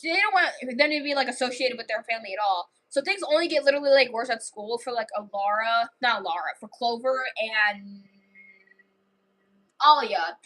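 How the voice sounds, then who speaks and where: A woman on a livestream rambles through a made-up story, full of fillers and restarts. Her voice is high and bright. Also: animated, moderate pace, poor audio.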